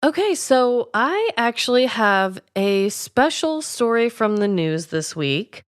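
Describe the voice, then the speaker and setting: A woman co-hosting a podcast, chatting casually, expressive and quick to exclaim. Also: fairly high pitch, clear, resonant tone, no room sound, clean studio sound. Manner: expressive, laughs often, exclaims. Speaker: podcast co-host. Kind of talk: casual chat.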